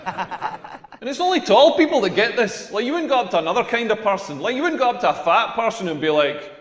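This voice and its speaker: A Scottish man in his forties telling wry, self-mocking stand-up stories with quick put-on voices. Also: sits high, very animated, a bit bright, a little hiss or hum. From Scotland. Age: 40s. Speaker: stand-up comedian. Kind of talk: stand-up comedy set. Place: comedy club stage, echoey room. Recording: echoey hall with long reverb.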